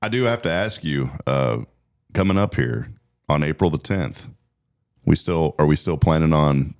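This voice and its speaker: A man hosting a morning radio show, telling stories in quick, animated bursts and laughing often. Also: extremely low pitch, vocal fry. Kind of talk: casual radio chat.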